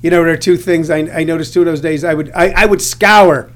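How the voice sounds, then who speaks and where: A man with a notably high voice, talking casually as a stand-up comic. He tells stories from the road and drops in quick agreeing yeahs. His pitch sits well above most men's. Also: fairly even intonation. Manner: storytelling with lots of agreeing yeahs. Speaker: stand-up comedian. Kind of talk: casual conversation.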